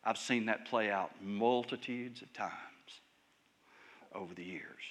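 A male pastor preaching a sermon in a church service, emphatic and raised at times, then dropping to soft, hushed lines. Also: fairly low pitch, a little slow.

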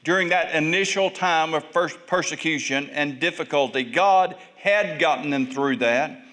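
A man's slightly bright voice moves at normal speed as he preaches, telling Bible stories and acting the parts with large swings of pitch and volume.

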